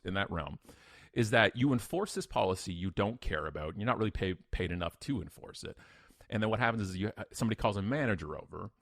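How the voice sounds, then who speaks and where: A middle-aged man sits as a podcast guest and spins a story from his own life. His voice sits low and sounds dry and close. He talks bluntly and with emphasis, repeats his punchlines, and pokes fun at himself. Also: fairly bright tone, no room sound. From Canada. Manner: blunt, emphatic, self-mocking, repeats phrases. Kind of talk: animated personal storytelling.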